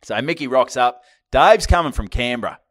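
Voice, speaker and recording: A man's voice: medium pitch, expressive, moderate pace, dry recording, studio quality. An Australian man co-hosting a podcast, rambling through a story in casual banter and swearing freely. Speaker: podcast co-host.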